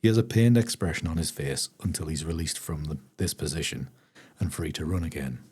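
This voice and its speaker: A man reading a farming diary aloud on a live stream, pausing for chatty asides to viewers. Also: very deep voice, a little mellow, husky.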